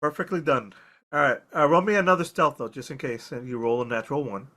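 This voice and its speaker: A man's voice: mid-range voice, fast talker, bright, forceful tone. A man running a tabletop game as game master, speaking in an easygoing, reassuring way.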